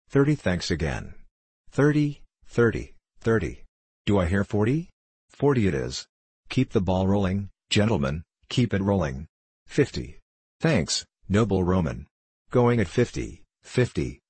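A man voicing a brisk, cheery male auctioneer calling out bids in an audiobook reading. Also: fairly low pitch, breathy edge, no room sound, exaggerated voice. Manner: rapid patter calling bids.

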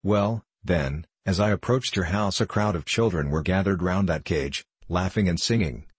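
A stern, pompous old minister lectures in formal, indignant sentences, as a man reads him. The voice is deep and husky and sits dry and close. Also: normal speed, no room sound.

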